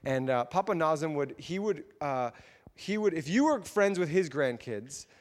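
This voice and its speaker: A man preaching a sermon, earnest and halting, often breaking off and restarting his sentences. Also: on the high side, animated, long reverb tail. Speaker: pastor.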